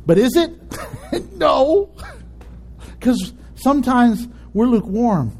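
Male pastor, sermon; high voice that swoops all over, animated and playful, laughs often. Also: takes it slowly, vocal fry.

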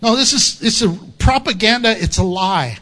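A man's voice: sits high, lively intonation, normal speed, fairly bright tone. A man preaching an expository sermon in an impassioned, emphatic, conversational way.

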